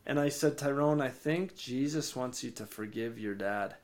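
A man, podcast co-host and ministry founder, telling a faith testimony with lively rises in energy and frequent word repeats. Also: normal speed. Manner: animated, rises in pitch and energy when excited; repeats words and restarts sentences. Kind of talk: storytelling testimony in an interview.

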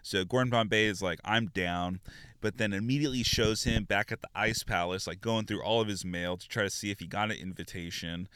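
A man's voice: on the low side, steady tone, quick pace, few pauses, fairly bright tone, smooth, dry recording, studio quality. A man hosting a podcast, giving a rambling, informal recap with lots of fillers. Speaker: podcast host. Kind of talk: casual recap and review.

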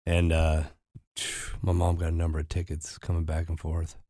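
Very deep, dark-voiced man telling anecdotes. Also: monotone, dry recording, studio quality. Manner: anecdotal, halting restarts. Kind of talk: casual chat.

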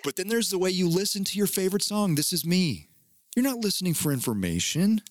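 A man's voice: sits high, very animated, brisk, no echo, clean studio sound. A man hosting a casual podcast chat, talking in an earnest, teacherly way and swearing now and then. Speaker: podcast host.

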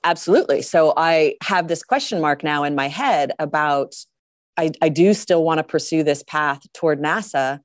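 A middle-aged woman, a guest astronaut, telling her story in an interview in a lively way, often laughing. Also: deep voice, moderate pace, no echo, clean studio sound. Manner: animated, laughs often, acts out quotes.

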